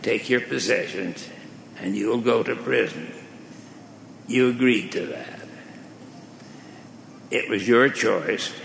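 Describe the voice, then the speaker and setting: A preacher with a gravelly voice playing a stern male creditor who insists on justice, in an echoey hall. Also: fairly low pitch, slow, pauses often, a bit bright, slight background noise, full character voice. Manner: cold, insistent, legalistic.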